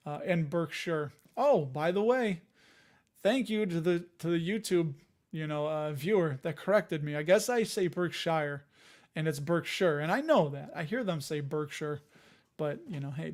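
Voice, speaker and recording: A man's voice: a little high, darkish tone. Chatty man hosting a livestream. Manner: chatty, jokey asides while reading news items. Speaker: host of a dividend investing show. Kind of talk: casual livestream chat.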